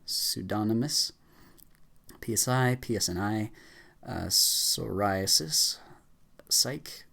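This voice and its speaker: A man with a fairly low voice reads dictionary entries aloud as fast as he can for a speedrun challenge. He rattles through the words, tripping over a few and starting them again. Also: expressive, creaky, sharp tone. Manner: rattling off words fast with frequent stumbles and restarts. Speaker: YouTuber. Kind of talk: rapid list reading for a speedrun challenge.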